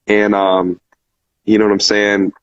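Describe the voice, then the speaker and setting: A man's voice: lowish voice, completely flat delivery, measured pace, clear, resonant tone, soft background music. A man hosting a call-in show, talking in an earnest, heartfelt way, repeating phrases and using lots of fillers. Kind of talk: casual heartfelt talk. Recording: muffled lo-fi recording.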